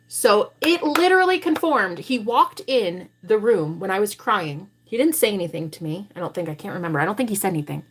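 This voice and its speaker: A woman's voice: medium pitch, brisk, hardly any pauses, slightly rough. Brash, swearing woman livestreamer. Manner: blunt, profane, animated storytelling. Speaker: tarot reader and livestream host. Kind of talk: livestream talk to viewers.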